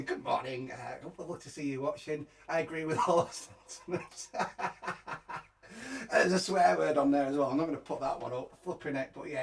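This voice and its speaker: A man's voice: on the high side, vocal fry, distant mic. A man hosting a live music show, chatting casually, laughing often and stumbling over fillers and restarts. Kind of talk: casual live-stream chat. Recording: guitar playing behind the voice. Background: guitar music.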